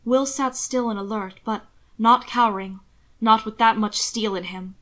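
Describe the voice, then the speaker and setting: A woman narrating an audiobook reading of fan fiction with expressive, measured storytelling. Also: fairly high pitch.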